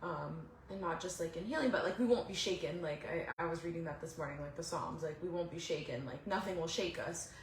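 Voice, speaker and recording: A woman's voice: fairly low pitch, fast, few pauses, slight background noise. A woman in her fifties speaking in a small church discussion, rambling and saying "like" constantly. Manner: rambling, heavy use of "like". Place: house church gathering room. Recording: echoey room.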